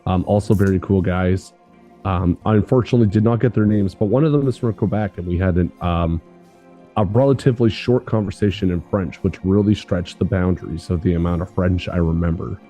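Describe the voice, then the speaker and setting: Low-voiced chatty male podcast host. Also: fairly quick, dark tone, soft background music. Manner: laughs often, loose and chatty. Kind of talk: casual chat.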